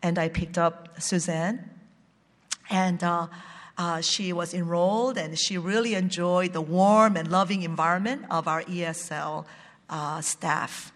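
A church language-ministry director telling a personal testimony, halting along with many fillers and restarts. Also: mid-range voice, fairly even intonation, fairly bright tone, long reverb tail.

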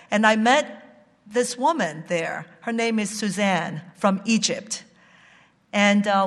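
A church language-ministry director telling a personal testimony, halting along with many fillers and restarts. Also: mid-range voice, fairly bright tone, big-room sound.

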